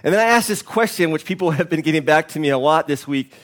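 A male preacher delivers his sermon with a fairly high-pitched voice. He talks frankly, breaks into humorous asides, and tells a story to make his point. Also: expressive, fast, fairly bright tone. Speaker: pastor.

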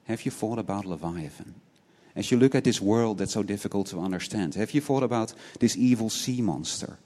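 A man with a fairly low, mellow voice, speaking a little fast, gives an earnest sermon. He frequently restarts with repeated words and asks plenty of rhetorical questions, ending points with "right?" A long hall reverb is present.

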